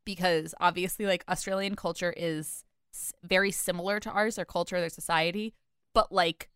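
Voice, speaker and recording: A woman co-hosting a podcast, chatting casually in an animated, gushing way, full of filler words. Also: lowish voice, moderate pace, clean tone, dry recording, studio quality. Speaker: podcast co-host. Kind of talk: casual chat.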